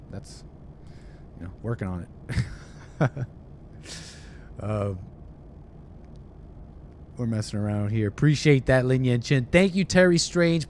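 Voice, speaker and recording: A man with a middle-pitched voice chats casually on a livestream. He slips into playful mock-pilot announcements. A faint hum sits behind him. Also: darkish tone. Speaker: livestream host reading viewer chats. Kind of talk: casual livestream banter with mock airline-pilot role-play.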